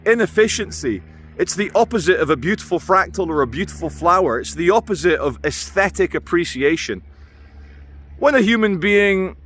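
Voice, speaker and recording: A man's voice: a little high, a bit bright. A man rambling through a wry, meandering vlog monologue, musing aloud with asides while out on a walk and filming himself. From Britain. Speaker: video blogger. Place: outdoors on a walk.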